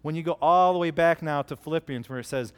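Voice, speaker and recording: Earnest high-voiced male preacher. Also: fast talker, clear, resonant tone. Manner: earnest, direct, storytelling. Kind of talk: conversational sermon.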